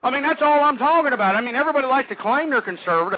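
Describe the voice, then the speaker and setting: A man's voice: very high-pitched, animated, very fast, few pauses. A man hosting a call-in radio talk show, angrily ranting with repeated rhetorical questions and insults. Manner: indignant, shouting insults, repetitive rhetorical questions. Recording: dull lo-fi internet radio audio.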